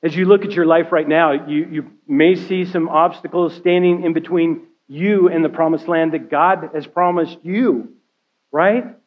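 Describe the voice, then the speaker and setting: High-voiced pastor preaching conversationally. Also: male voice, fairly even intonation, measured pace, dull audio. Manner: conversational preaching, often checking in with "right?" and "okay?". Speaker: care pastor. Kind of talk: sermon. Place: church sanctuary.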